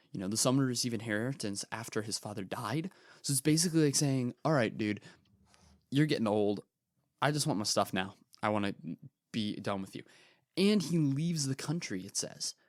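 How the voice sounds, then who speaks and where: A teenage boy hosting a podcast, retelling a parable in earnest, casual commentary with animated asides. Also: mid-range voice, dry recording, studio quality. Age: teens. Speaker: podcast host.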